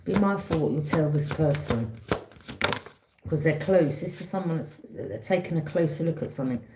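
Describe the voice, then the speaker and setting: Woman tarot reader, low-ish voice, chatty and repetitive, roomy echo. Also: lively intonation, normal speed, background noise. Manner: chatty, repeats herself, frequent "yeah?" check-ins. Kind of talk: casual tarot reading to camera.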